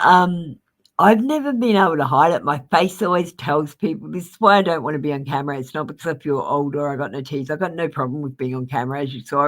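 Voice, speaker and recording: A tarot reader in her forties gives live-stream readings in an abrupt, sweary manner, frequently apologizing. Her voice is low-pitched, and the recording quality is poor.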